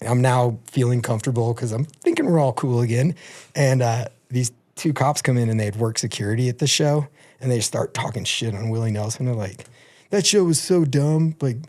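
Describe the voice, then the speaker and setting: Animated man telling a profane story. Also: mid-range voice. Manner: animated, profane, acts out quotes in a raised voice. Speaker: podcast guest. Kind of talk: casual storytelling.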